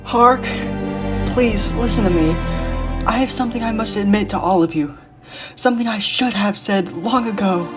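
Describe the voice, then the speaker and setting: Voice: medium pitch, extremely slow, long pauses, loud music behind the voice, pitched above the performer's own voice. A storyteller voicing a grieving, haunted female knight who confesses before a crowd. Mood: pleading confession.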